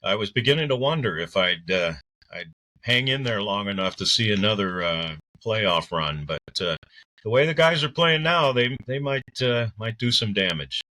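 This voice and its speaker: An older man from the Belleville, Illinois area, a guest telling stories in a relaxed, rambling way with fillers. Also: on the low side, normal speed. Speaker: guest, arena PA announcer. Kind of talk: casual interview chat.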